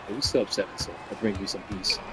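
A man casually commenting on his basketball video game, excitable and swearing, cheering his teammates on and laughing often. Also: lowish voice. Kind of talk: casual live gameplay commentary.

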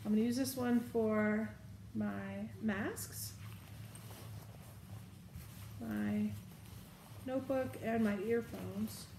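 A woman's voice: mid-range voice, steady tone, drawn-out words, creaky, pauses often, dark tone, echoey room, slight background noise. A woman chatting casually as she packs her bag, thinking aloud. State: has the hiccups. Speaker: vlogger. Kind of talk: casual show-and-tell.

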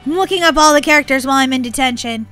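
Very high, bright, squealing woman gamer. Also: racing, soft background music. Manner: squealing, laughing, breathless exclamations. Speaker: gaming channel host. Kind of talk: excited gameplay commentary.

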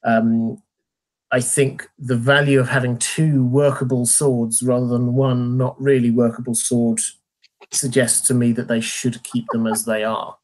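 Measured, dry-humored man. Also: mid-range voice, level tone, a little mellow. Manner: measured, dry, mock-formal. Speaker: co-host of a fan discussion livestream. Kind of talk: casual chat.

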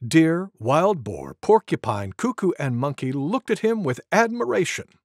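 A man reading a storybook aloud to preschoolers in an expressive, playful way. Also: fairly high pitch, measured pace, dry recording, studio quality. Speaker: storybook narrator.

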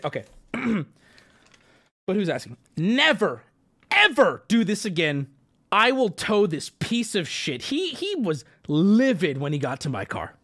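A man's voice: fairly high pitch, a bit bright. A man hosting a livestream, telling a story to his chat in a heated, profane rant. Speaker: livestream host. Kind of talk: casual ranting to chat.

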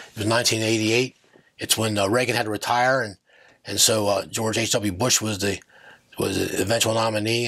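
A man's voice: on the low side, pushed and bright, husky. A man hosting his own political commentary channel, talking in a combative, digressive rant that keeps circling back on itself. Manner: combative, digressive, self-correcting.

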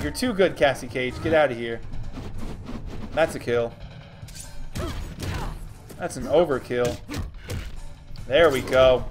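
A young man from Texas giving casual, joking commentary on a game stream and reading chat messages aloud. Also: a little high.

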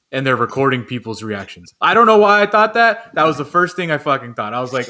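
A man's voice: mid-range voice, big pitch swings, fast talker, few pauses, sharp tone. A man on a sports talk show telling a story in a laid-back way, swearing often. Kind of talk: casual storytelling.

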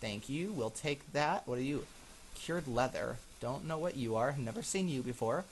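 A man's voice: medium pitch, expressive, moderate pace. Man, let's-play commentary, jumpy, gasping, chatty, faint background hum. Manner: jumpy, easily frightened, gasping and exclaiming; chatty, talking to viewers as he plays. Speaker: gaming channel host.

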